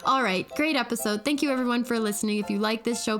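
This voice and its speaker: A woman's voice: on the high side, fast, few pauses, fairly bright tone, soft background music. A woman co-hosting a podcast, chatting casually and telling a family story, often breaking into laughter. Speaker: podcast co-host.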